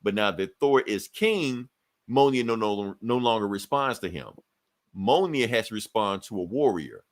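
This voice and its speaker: Podcast guy retelling a comic story, loose and animated, swears a lot, does little voices for the characters. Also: fairly low pitch, normal speed. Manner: animated storytelling, acting out characters' lines, profane. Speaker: podcast co-host. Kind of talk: casual comic book recap.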